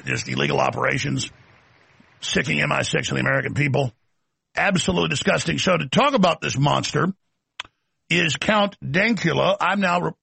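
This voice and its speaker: Gravelly, husky male host ranting. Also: a little high, pushed and bright, no room sound. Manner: ranting, sarcastic, combative. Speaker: show host. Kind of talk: political commentary monologue.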